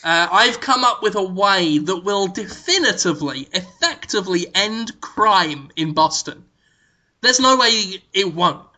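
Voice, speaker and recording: Podcast host, man, deadpan mock-serious delivery, bright and forceful tone. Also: high voice, a little slow. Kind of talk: casual podcast banter.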